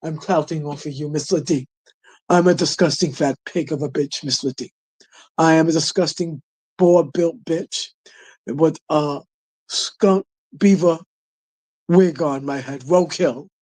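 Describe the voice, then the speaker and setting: A man's voice: on the high side, a little slow, a little mellow, slightly rough, no echo, rough recording. A man doing a mocking impression of a self-loathing, slovenly woman, stammering and mumbling through her confessions.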